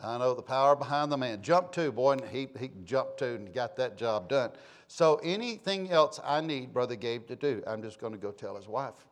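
A man, a pastor telling a folksy, animated story from the pulpit and acting out the exchanges. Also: medium pitch, normal speed. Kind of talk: sermon storytelling.

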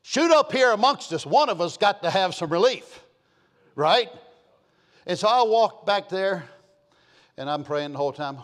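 Middle-aged male pastor, folksy and emphatic, a touch high-pitched. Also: sing-song, unhurried, long pauses, fairly bright tone. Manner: folksy storytelling, rising to emphatic preaching. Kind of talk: sermon.

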